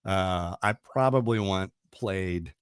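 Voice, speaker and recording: A man's voice: low voice, slow, clear, resonant tone, no room sound, studio quality. A middle-aged man hosting a radio talk show, chatting casually and rambling with enthusiasm, full of fillers and restarts. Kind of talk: casual chat.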